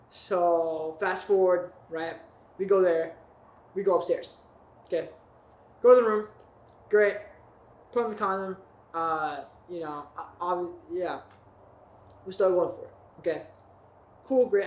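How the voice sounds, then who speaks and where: A young man telling a long story in casual podcast chat, rambling with lots of restarts and "right?" tags. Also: high voice. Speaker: podcast guest. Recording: echoey room with faint noise.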